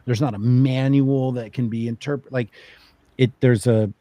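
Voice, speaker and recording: A man talking as a podcast guest in a casual, animated way, thinking out loud with many fillers and restarts. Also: mid-range voice, normal speed, no room sound, highs cut off. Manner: acts out quoted voices for emphasis. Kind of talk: casual conversational chat.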